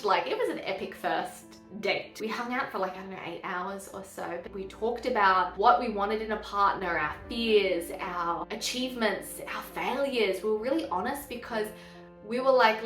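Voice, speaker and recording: A young woman telling her love story as a personal testimony, earnest and animated, acting out what was said. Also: medium pitch. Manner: earnest, animated, acts out quotes. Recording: echoey room with faint music.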